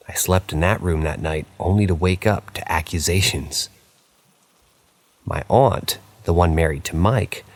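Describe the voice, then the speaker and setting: A man with a very deep voice reading horror stories aloud. His delivery is casual and conversational, and he sometimes breaks in with offhand asides. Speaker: narrator.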